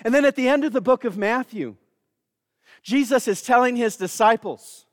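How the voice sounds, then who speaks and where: High-voiced preacher giving an emphatic sermon. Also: male voice, moderate pace, dry recording, clean studio sound, in a large hall. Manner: emphatic, calls on the congregation.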